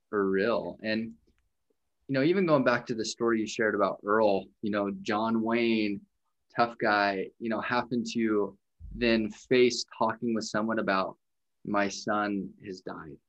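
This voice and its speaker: A man's voice: fairly low pitch, a little slow, highs cut off. A man hosting a conversation, reflecting thoughtfully on grief, with many fillers.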